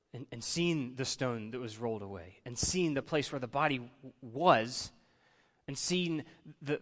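A man's voice: medium pitch, fairly bright tone. A man preaching an Easter sermon in a conversational way, often repeating words as he searches for the phrase. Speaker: pastor. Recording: long hall reverb.

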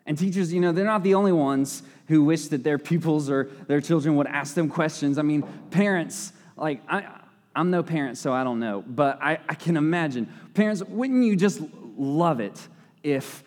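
A man's voice: fairly high pitch, normal speed, a little mellow. A young man giving a casual sermon, talking conversationally with playful asides and frequent self-corrections. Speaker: lay preacher. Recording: long hall reverb.

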